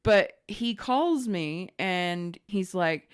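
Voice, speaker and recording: A woman co-hosting a podcast talks at normal speed in a mid-range voice. Her casual storytelling is lively, and she voices the other characters' dialogue herself.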